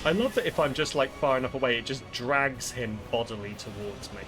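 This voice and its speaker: A man's voice: medium pitch, brisk, hardly any pauses. A man streaming a video game, chatting and rambling in a self-mocking way with frequent swearing. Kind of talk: casual gaming commentary. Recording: game music clearly behind.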